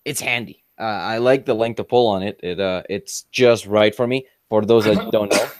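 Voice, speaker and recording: A man's voice: fairly low pitch, moderate pace, no echo, studio quality. A man on a talk show casually describing his rifle, with a rambling manner and frequent fillers. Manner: relaxed, rambling, many fillers.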